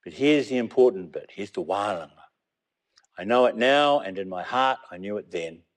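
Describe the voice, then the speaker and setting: A man in his fifties with a New Zealand accent, reading his own memoir in a measured, reflective way and weaving in Māori phrases. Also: fairly low pitch, expressive. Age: 50s. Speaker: memoir narrator.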